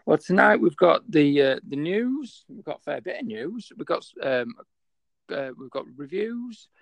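A man's voice: fairly high pitch, big pitch swings, unhurried, gravelly, no room sound. A man with a Yorkshire accent co-hosting a casual podcast, rambling and hesitant with many fillers. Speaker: podcast co-host.

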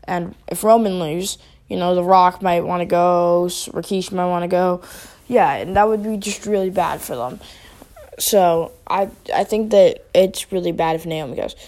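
Rambling woman with a low, dark voice. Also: moderate pace. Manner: rambling, with many fillers and restarts. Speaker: wrestling vlogger. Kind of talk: casual opinion rant.

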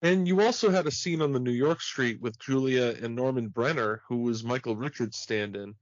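A man's voice: mid-range voice, moderate pace, no echo. A man hosting a podcast, asking detailed fan questions in a casual chat. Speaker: podcast host. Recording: dry, muffled lo-fi audio.

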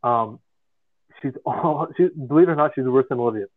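A man co-hosting a podcast in casual chat, hesitant and then animated. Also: medium pitch, fairly quick, no room sound. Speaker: podcast co-host. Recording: tinny phone-like line.

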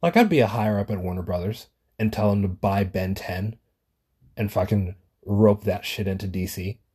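A man with a deep, somewhat husky voice hosts his own podcast alone. He rambles loosely from one thought to the next, swears freely and pokes fun at himself. His tone stays dark and mellow rather than bright. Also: moderate pace. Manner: rambling, swears a lot, self-deprecating. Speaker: solo podcast host. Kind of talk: casual rambling monologue.

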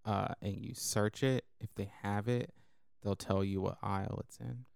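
Gravelly smooth-voiced dude tossing in teasing side comments, dry mic. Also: male voice, fairly low pitch, fairly even intonation, moderate pace, a little mellow, no room sound. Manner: wry, teasing interjections. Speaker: podcast co-host. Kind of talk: casual chat.

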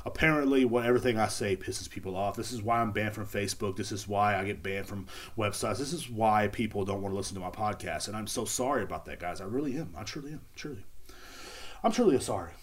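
A man's voice: lowish voice, fast talker, few pauses. A man hosting a solo podcast, rambling through a crude, sarcastic mock apology. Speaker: podcast host. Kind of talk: casual solo podcast monologue. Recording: music playing behind the voice.

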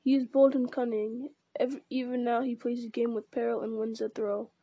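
Woman doing stern old wizard, scolding, mellow low-key tone. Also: little pitch movement, normal speed, no room sound. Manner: piercing, rebuking.

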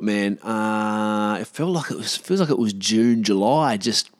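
A man's voice: fairly low pitch, unhurried, dry recording, clean studio sound. A man talking loosely to camera in a casual vlog, rambling with slang and restarts. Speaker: vlogger.

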